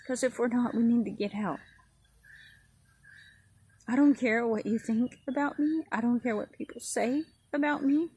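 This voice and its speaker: A woman's voice: a little high, normal speed, long pauses, dark tone, breathy edge, rough recording. A woman giving a personal testimony sermon in an earnest, repetitive preaching cadence. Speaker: ministry speaker.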